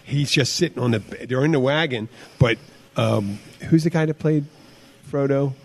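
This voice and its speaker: A man's voice: medium pitch, normal speed. A man co-hosting a podcast in casual chat. He rambles, trails off mid-sentence and swears casually. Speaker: podcast co-host, bartender.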